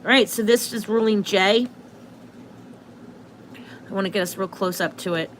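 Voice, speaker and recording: A woman chats loosely into her phone, hosting a livestream and often restarting her sentences. Her pitch sits in an ordinary middle range. A faint hiss of background noise runs under the recording. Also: normal speed. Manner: chatty, self-interrupting, laughs at herself. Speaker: astrology livestream host. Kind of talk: casual livestream chat.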